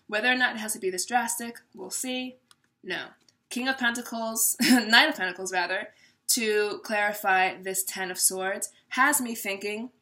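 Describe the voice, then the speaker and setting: A woman with a bright, forceful voice talks through a tarot spread in a loose, chatty way. She laughs often and slips into little voices as she explains. Her pitch sits in a middling range for a woman. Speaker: tarot reader. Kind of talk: casual tarot reading to camera.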